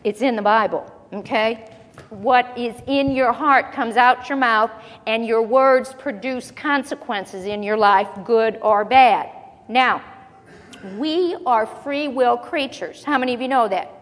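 Woman preacher, slightly high-pitched, teaching scripture in a chatty way, reverberant hall sound. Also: a bit bright. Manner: conversational, asks the congregation questions; slows down to read scripture aloud. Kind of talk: sermon Bible teaching.

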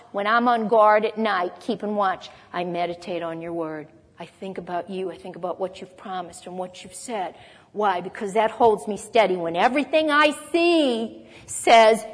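A woman preaching a Bible lesson, earnestly explaining verses and reading scripture aloud. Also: mid-range voice. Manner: earnest teaching, reads scripture aloud, occasional light laugh. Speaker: Bible teacher. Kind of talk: sermon. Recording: long hall reverb.

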